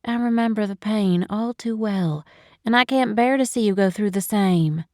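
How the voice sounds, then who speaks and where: A woman's voice: medium pitch, moderate pace, darkish tone, dry recording, studio quality, lightly acted. A woman voicing a doting, protective older matchmaker with a coaxing, affectionate manner, in an audiobook. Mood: consoling. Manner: coaxing, affectionate, calls everyone darling. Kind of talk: audiobook narration.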